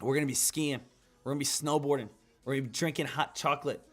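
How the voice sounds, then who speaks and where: Faint music sits behind a man whose mid-range voice is a bit bright, fairly even in intonation and quick in pace. As host of a day-trading livestream, he delivers market commentary and coaching in an upbeat, repetitive hype style.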